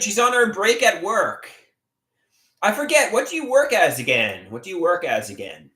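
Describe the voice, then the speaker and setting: Guy rambling on a livestream, fairly high voice jumping all over, echoey room. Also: big pitch swings, moderate pace, sharp tone. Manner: rambling, theatrical swings in pitch and volume. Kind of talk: casual livestream chat reading comments.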